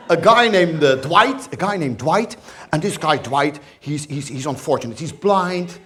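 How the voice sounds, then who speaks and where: A Dutch-accented male comedian telling a stand-up story. He stammers and repeats words in a deadpan, absurd delivery. His voice is high and rises and falls widely. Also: a little slow, some chatter behind. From Netherlands. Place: stage.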